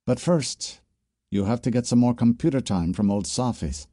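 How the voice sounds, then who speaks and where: A man voicing a young woman graduate student, speaking briskly in a story reading. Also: mid-range voice, dark tone, dry recording, clean studio sound, natural voice. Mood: musing. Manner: brisk, self-talking.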